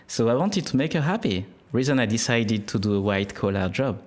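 A man from France with a French accent, a guest in a casual interview, speaking English haltingly as he searches for words. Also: lowish voice, lively intonation, darkish tone. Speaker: guest, dance instructor.

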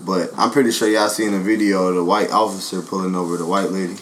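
A man's voice: sits low, steady tone, fast, a bit bright, slight background noise. A man from the Atlanta area, co-hosting a casual podcast chat in an easygoing, agreeable way. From Atlanta area, USA. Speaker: podcast co-host.

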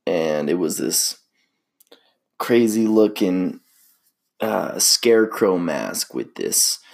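A man's voice: low voice, expressive, slow, creaky. A young man hosting a casual solo podcast, rambling in a laid-back way with lots of slang and fillers. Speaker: podcast host.

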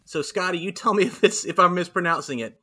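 A man's voice: high-pitched, animated, quick pace, bright, forceful tone, husky. A man with a Southern US accent from Alabama, hosting an interview in a chatty, folksy way and laughing often. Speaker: podcast host. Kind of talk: casual interview chat.

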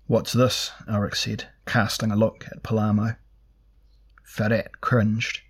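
A man narrating a fantasy novel in a measured, even storytelling manner. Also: fairly low pitch, husky. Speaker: audiobook narrator.

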